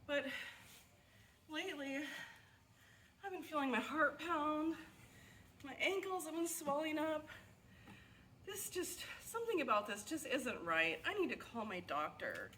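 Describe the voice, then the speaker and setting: A worried patient frets over her pounding heart and swollen ankles, as a woman acts her out in a student skit. Her voice rides noticeably higher than a normal speaking voice, anxious and pleading. The delivery feels like a simple classroom role-play. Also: very animated, a little slow, long pauses, pushed and bright, slight background noise, full character voice. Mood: fretful. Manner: fretful, pleading.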